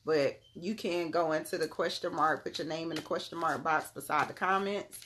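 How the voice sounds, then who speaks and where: A woman's voice: sits low, fairly even intonation, normal speed, a bit bright, a little hiss or hum. A woman giving a casual tarot reading on a live stream, laid-back and slangy, calling her viewers "beloved".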